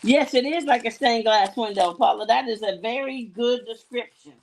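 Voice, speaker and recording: A woman's voice: fairly high pitch, normal speed, a little hiss or hum, poor audio. A woman hosting a live jewelry-selling show, chatting casually and telling sassy stories between items, with asides to her viewers. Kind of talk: casual live-stream chat.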